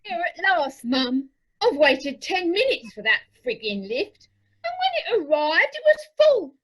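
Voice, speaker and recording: An exasperated grown daughter, voiced by a woman who complains in a high, bright voice. Her pitch leaps up and down, fed-up and put-upon, in an amateur radio play. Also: very animated, a little slow, full character voice. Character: harried grown daughter pushing her mother's wheelchair. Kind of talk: amateur radio drama acting. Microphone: remote video call.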